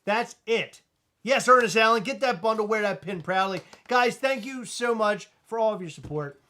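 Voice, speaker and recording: A man's voice: sits high, expressive, normal speed, pushed and bright. A man hosting a casual livestream chat, joking and rambling, who mentions he is in back pain. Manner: joking, rambling, self-deprecating. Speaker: host.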